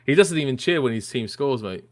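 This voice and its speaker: A man's voice: mid-range voice, expressive, a little fast. A man co-hosting a live football watchalong, reading viewer comments aloud and laughing often between remarks. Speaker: watchalong co-host. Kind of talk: casual live match chat.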